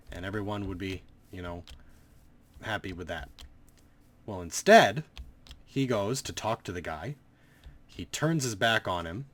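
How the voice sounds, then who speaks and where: A man's voice: low voice, fairly bright tone. A man giving casual, rambling gameplay commentary, sarcastic and swearing freely. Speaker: gaming commentator.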